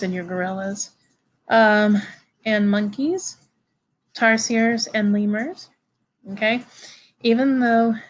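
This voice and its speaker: A woman giving a recorded biology lecture to students, halting and informal, with many fillers and restarts. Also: medium pitch, a little hiss or hum, rough recording. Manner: informal, addresses students directly.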